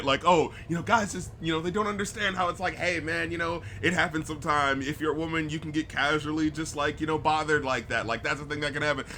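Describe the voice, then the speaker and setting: A man's voice: on the high side, sharp tone, a little hiss or hum. A man hosting a casual film review podcast, talking loosely with many fillers and profanity, acting out lines from the movie. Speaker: podcast host.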